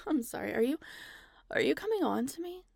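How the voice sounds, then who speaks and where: A woman plays a frazzled young scientist who trips over her words, fast and flustered. Her voice sits a touch high with a heavy gravelly fry running through it. It is recorded close and dry. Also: no echo, exaggerated voice.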